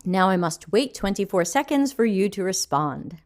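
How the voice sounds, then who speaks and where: A middle-aged woman hosts a casual livestream Q&A, yawning and still waking up. In a sing-song, medium-pitched voice at normal speed, she chats loosely and reads viewer comments aloud.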